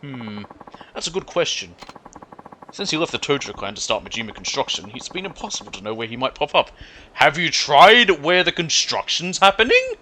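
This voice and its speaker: A man's voice: a little high, sing-song, normal speed, bright, forceful tone, slight background noise, low-quality recording. A man putting on a swaggering drawling yakuza underboss. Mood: chatty. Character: brash male yakuza underboss with put-on accent.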